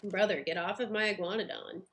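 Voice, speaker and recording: A woman's voice: medium pitch, steady tone, a little fast. A woman chatting casually on a game livestream, talking with lots of fillers and little laughs while she eats and plays. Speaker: game streamer.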